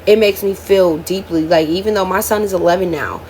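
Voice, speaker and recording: A woman's voice: fairly low pitch, brisk, a little mellow, slight background noise. Candid young woman telling her story. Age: 20s. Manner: emotional, candid, addresses viewers as "y'all". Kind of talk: storytime vlog, casual chat to viewers.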